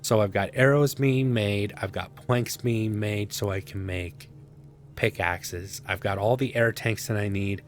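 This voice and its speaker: A man's voice: on the low side, fairly even intonation, a little slow, soft background music. A man casually commenting on his own survival gameplay, rambling to himself with sarcastic asides. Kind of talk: casual let's-play commentary.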